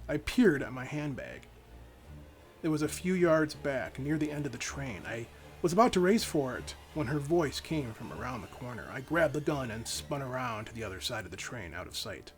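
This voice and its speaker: A man's voice: medium pitch, slightly rough. A man reading his own novel aloud in first-person audiobook narration, with dramatic storytelling.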